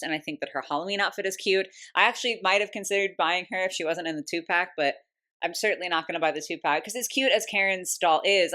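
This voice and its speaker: A young woman with an American accent and a slightly low voice talks through a doll review in a loose, chatty way. She keeps saying "like" and gives her opinions openly, with a hiccup here and there. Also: sharp tone. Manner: chatty, frequent "like" fillers, candid opinions. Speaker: doll collector vlogger. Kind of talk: casual review chat. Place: home room.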